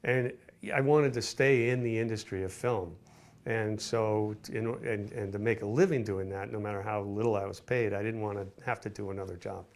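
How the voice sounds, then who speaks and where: A man's voice: lowish voice, fairly even intonation, normal speed. An older man, a film director, recalling his career in a rambling interview with many restarts. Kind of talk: casual interview recollection.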